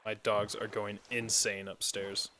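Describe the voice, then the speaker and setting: A man's voice: lowish voice, little pitch movement, a little slow, bright, forceful tone, a little hiss or hum. A man chatting casually while playing a building game, rambling through side stories with plenty of fillers. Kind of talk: casual gameplay chat.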